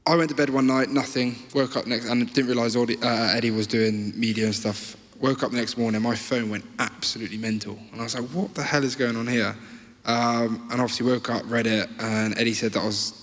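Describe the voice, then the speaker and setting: A man from Cornwall, a guest on a live podcast, talking in a relaxed, chatty way and laughing easily. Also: medium pitch, fairly quick. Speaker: guest, rugby player. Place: live theatre stage. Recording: live venue with long reverb.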